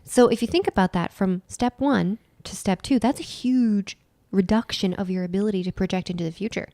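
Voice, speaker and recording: A woman's voice: mid-range voice, brisk, mellow, no echo. A woman co-hosting a podcast, explaining ideas step by step in casual chat and repeating key phrases for emphasis. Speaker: podcast co-host and nutritional therapist.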